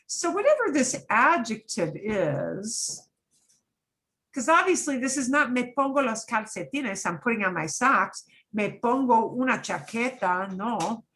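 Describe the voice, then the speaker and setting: Middle-aged female Spanish teacher, lively pitch, unhurried delivery, acts out examples. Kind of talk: online class lesson.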